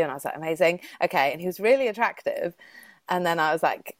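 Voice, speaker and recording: A woman's voice: on the low side, lively intonation, fast, no echo. A woman in her thirties telling a funny story in a casual chat, laughing often and acting out the people she quotes. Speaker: guest.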